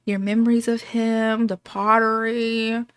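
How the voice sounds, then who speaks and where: A woman voicing a gentle, patient grandmother in a game, speaking softly and reassuringly. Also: a little high, level tone, a little slow, clear, resonant tone, lightly acted. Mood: soothing. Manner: soft, soothing, reassuring.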